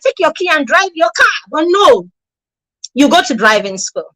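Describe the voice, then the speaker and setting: Woman, parenting coach; high voice, punchy rhetorical delivery, sarcastic jabs. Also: big pitch swings, brisk, pushed and bright, rough recording. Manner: emphatic, repetitive, rhetorical questions, sarcastic asides. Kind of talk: motivational talk to parents.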